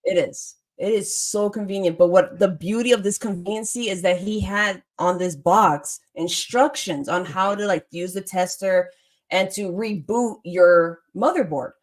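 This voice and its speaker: A young adult woman hosting a casual chat, telling a story in a lively way, laughing often and acting out what people said. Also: mid-range voice, measured pace. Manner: animated, laughs often, acts out quotes. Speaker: podcast host.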